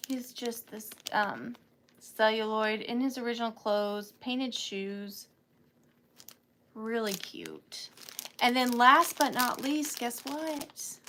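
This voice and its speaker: A woman's voice: fairly high pitch, bright, forceful tone, slight background noise. A woman hosting a live online sale of vintage items, chatting casually and gushing over each piece. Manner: chatty and gushing, calls items little cuties.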